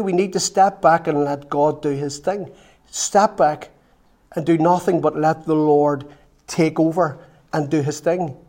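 A man preaching a sermon, telling a story with lively acted-out quotes. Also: on the high side. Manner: storytelling, animated, acts out quotes.

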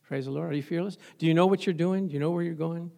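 Man, pastor, high voice, animated storytelling sermon, chuckling asides. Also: fast talker, gravelly. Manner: animated storytelling with laughs and praise interjections.

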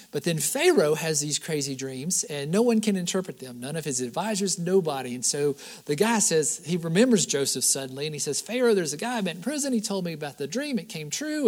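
Pastor, male, fairly high voice, animated sermon storytelling. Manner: animated storytelling with conversational asides and repetitions. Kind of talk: sermon retelling a Bible story.

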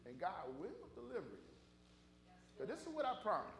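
A man's voice: high voice, wildly swooping pitch, normal speed, creaky, a bit bright, a little hiss or hum. A man preaching a sermon as pastor, moving from conversational storytelling to fervent, rising exhortation.

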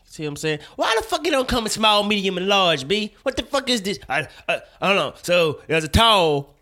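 A young man hosting a casual podcast, talking with animated, profane, loud mock outrage. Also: high-pitched, fairly quick. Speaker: podcast host. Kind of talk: casual chat.

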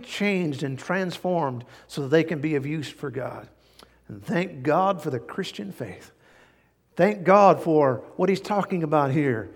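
A man preaching a sermon as a pastor, animated, with sudden jumps in pitch and loudness. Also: measured pace, vocal fry, breathy edge, in a large hall.

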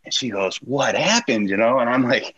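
A man chatting as a guest on a podcast, rambling through a story with many fillers and restarts. His voice sits at a middling pitch. The sound is a bit dull and lo-fi. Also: lively intonation, moderate pace, fairly bright tone, husky. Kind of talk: casual chat.

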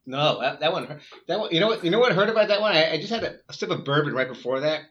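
A man co-hosting a podcast in casual banter, jokey and quick to laugh. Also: a little high, lively intonation, fairly bright tone, muffled recording. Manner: jokey, laughing, repeats himself. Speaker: podcast co-host.

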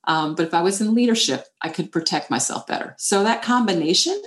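A woman's voice: on the low side, a little fast. A middle-aged woman, an author and former chief executive, answering interview questions and telling stories animatedly, acting out the voices in her head. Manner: animated storytelling, acts out inner voices.

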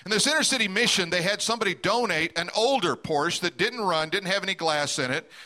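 A man's voice: high-pitched, expressive, brisk, sharp tone. A middle-aged man preaching a sermon as a pastor, telling a personal story and asking the congregation direct questions.

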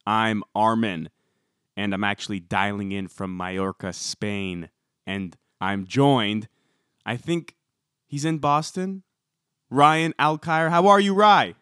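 A man's voice: on the low side, fairly bright tone, smooth, dry recording, clean studio sound. A man hosting a podcast, chatting casually and teasing his co-host with jokes. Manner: jokey, teasing, quick to laugh. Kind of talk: casual chat.

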